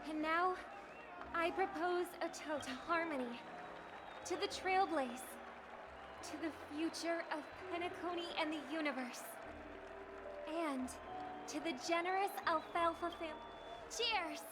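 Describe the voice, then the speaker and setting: A woman's voice: very high-pitched, unhurried, long pauses. An actress voicing a gracious young woman giving a formal toast in a game. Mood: ceremonious. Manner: formal, ceremonious. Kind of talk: game voice acting. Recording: game audio with music and cheering crowd.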